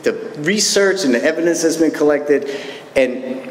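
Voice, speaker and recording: A man's voice: a little high, expressive, normal speed. A man tells his own story to a live meeting group, candid and self-mocking, dropping dry jokes between the hard parts. His voice rings out into a large reverberant hall, with a faint hum of room noise underneath. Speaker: recovery meeting speaker. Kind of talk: personal recovery story told to a live group.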